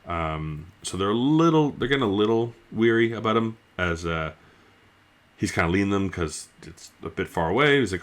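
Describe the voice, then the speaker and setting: A man with a very low, deep voice recaps a book's plot in an easygoing, unscripted review. He rambles, circles back and fills the pauses with plenty of "um" and "like.". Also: expressive. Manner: rambling, loose, with frequent fillers. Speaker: book reviewer. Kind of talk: casual spoken book review.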